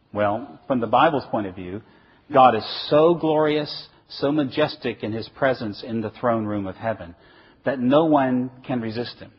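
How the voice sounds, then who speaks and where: Middle-aged male preacher, husky voice, lively emphatic sermon delivery, dull lo-fi recording. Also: medium pitch. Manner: animated, emphatic, asks and answers his own questions. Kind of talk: sermon lecture.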